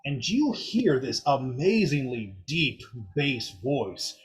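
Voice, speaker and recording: A man's voice: medium pitch, big pitch swings, slow. A man narrating a tabletop game as game master, chatty and descriptive, with fillers and light laughter between lines.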